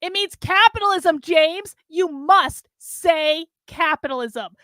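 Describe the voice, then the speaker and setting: A woman's voice: very high-pitched, measured pace, bright, forceful tone, no echo, pitched above the performer's own voice, heavily acted. A woman voicing a fierce, tearful woman who screams her demands, in a comic fan story read aloud. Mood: screaming. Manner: screaming, roaring.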